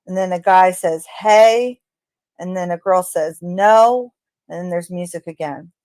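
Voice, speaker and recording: A woman hosting a true crime channel, talking casually in an unhurried, hesitant way with frequent ums. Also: fairly low pitch, level tone, a little mellow, no room sound. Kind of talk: casual spoken commentary.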